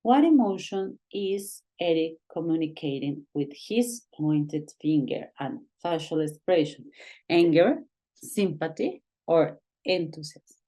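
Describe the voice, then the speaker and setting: Woman English teacher, low voice, slow and halting delivery, non-native speaker. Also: expressive, warm tone. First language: Spanish. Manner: slow, halting, reads exercise lines aloud. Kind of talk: online English grammar lesson.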